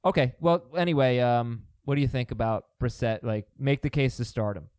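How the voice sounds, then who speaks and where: Crisp-voiced man hosting a sports chat. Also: medium pitch, a little mellow, no echo. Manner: quick, questioning, steering the panel. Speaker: show host. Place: studio.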